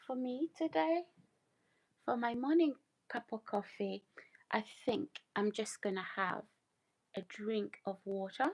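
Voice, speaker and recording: A woman's voice: mid-range voice, gravelly, poor audio. A woman hosting a casual morning live stream, repeating greetings and reading out viewer comments. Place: home, early morning.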